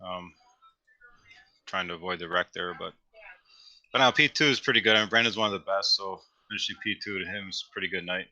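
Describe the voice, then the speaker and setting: Bright-voiced racer with lots of "you know". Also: male voice, low-pitched, no room sound. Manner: modest, halting, many "you know" fillers. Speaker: sim racing driver. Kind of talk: post-race interview answers.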